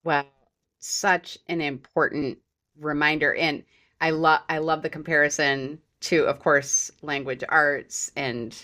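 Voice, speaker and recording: A woman's voice: low-pitched, fairly even intonation, takes it slowly, sharp tone. A woman hosting a podcast, interviewing her guest in an encouraging way. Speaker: podcast host.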